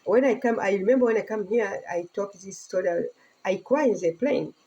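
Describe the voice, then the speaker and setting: Middle-aged woman from Tanzania, earnest casual vlog to phone, mellow husky tone. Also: mid-range voice, brisk, muffled recording. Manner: earnest, speaking broken English with laughter. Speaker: vlogger.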